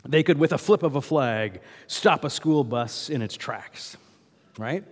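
A man's voice: mid-range voice, animated, measured pace, long reverb tail. A male pastor giving a sermon in a conversational way, often asking the congregation questions.

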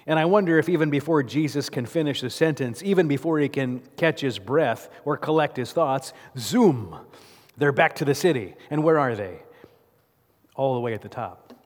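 A man's voice: medium pitch, normal speed. Storytelling male preacher in a reverberant church. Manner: storytelling, with rhetorical questions. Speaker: pastor. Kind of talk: sermon.

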